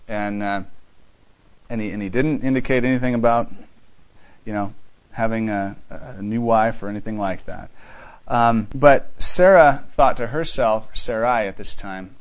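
A man with an ordinary mid-range voice leads a relaxed Bible study. He reads passages in old-fashioned scriptural wording. He asks his listeners rhetorical questions, with frequent restarts. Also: medium pitch, a little slow, poor audio. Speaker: Bible teacher. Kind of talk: conversational Bible study teaching.

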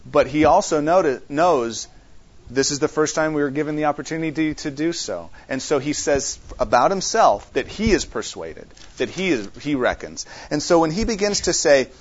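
A man's voice: a little high, expressive. Man teaching a Bible study, lo-fi. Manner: repeats key points and checks in with listeners; halting, with frequent restarts. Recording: dull lo-fi recording.

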